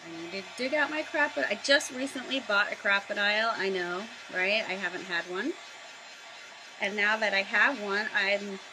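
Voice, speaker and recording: A woman's voice: mid-range voice, normal speed, noisy background. A woman from the American South giving a chatty, casual craft tutorial in her home office, narrating each step with self-deprecating asides. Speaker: craft vlogger.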